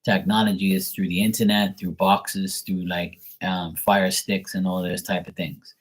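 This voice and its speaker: A man's voice: sits low, little pitch movement, a little slow. A middle-aged man venting in a casual monologue, exasperated, swearing and filling with "like". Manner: exasperated rant with frequent swearing and fillers. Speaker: tarot reader.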